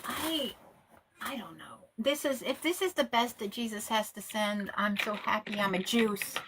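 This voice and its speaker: A woman's voice: a little high, moderate pace, background noise. A woman who is a rabbi, chatting on a live call-in stream with blunt, sarcastic, profane remarks.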